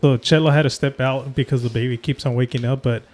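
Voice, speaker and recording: A relaxed man co-hosting a casual podcast. He chats at an easy pace, asks his partner questions and reads out comments. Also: medium pitch, quick pace. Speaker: podcast co-host.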